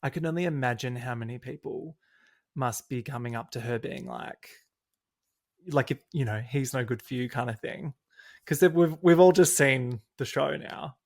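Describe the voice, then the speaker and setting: Gravelly, upbeat Australian man. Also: medium pitch. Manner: bubbly and energetic, quick to laugh. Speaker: podcast host. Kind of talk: casual chat recapping a reality show.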